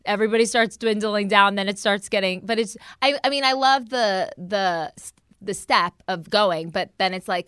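A woman's voice: medium pitch, moderate pace, a bit bright, smooth, no echo, studio quality. A young woman from New Jersey hosting a podcast, chatting casually, swearing now and then and restarting her sentences. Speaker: podcast host. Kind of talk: casual chat.

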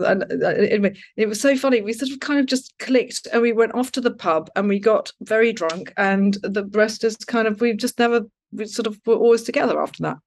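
A woman, an interview guest telling stories in a halting, rambling way with many restarts. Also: a little high. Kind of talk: casual conversational interview.

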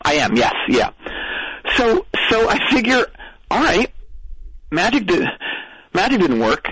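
A man's voice: high voice, very animated, measured pace, long pauses, a bit bright, slightly rough, no room sound, rough recording. Stammering, rambling male caller. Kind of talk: comedic phone call.

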